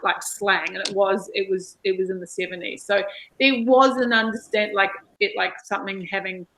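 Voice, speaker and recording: An Australian woman co-hosting a casual book discussion, chatty and quick to laugh. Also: medium pitch, fairly even intonation, creaky, a bit bright, slight background noise, rough recording. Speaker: book club co-host.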